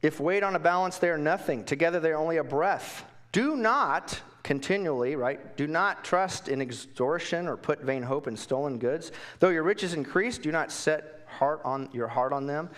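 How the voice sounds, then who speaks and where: A man preaching a Bible lesson in a casual, conversational way, asking questions and swinging from quiet asides to emphatic bursts. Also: fairly high pitch, moderate pace, hardly any pauses. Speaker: pastor. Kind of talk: Bible teaching sermon.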